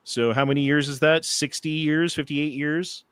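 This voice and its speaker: A man's voice: on the high side, steady tone, moderate pace, a bit bright, smooth, no echo. Man making his case, dry close sound. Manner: lecturing, rattles off numbers. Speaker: debater. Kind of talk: heated online debate.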